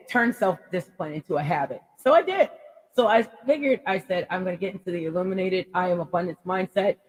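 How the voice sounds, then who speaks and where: A woman life coach giving an animated motivational radio talk, laughing often and acting out little quotes. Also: on the low side, slightly rough, long reverb tail, rough recording.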